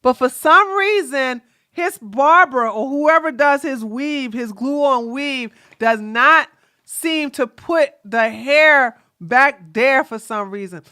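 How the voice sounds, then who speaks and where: A woman streamer talks back to the clips she is watching, sassy and animated, full of exclaimed asides. Her voice is bright and sits a little high, and it is recorded dry and close with no room around it. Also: clean tone, dry recording. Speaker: livestream host. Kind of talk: casual reaction commentary.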